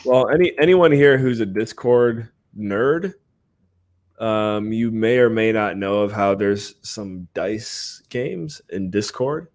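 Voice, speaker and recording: A man's voice: fairly low pitch, takes it slowly. A man hosting a live podcast stream, chatting casually and hyping the giveaways for his viewers. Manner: excitable, hypes the giveaways with countdowns.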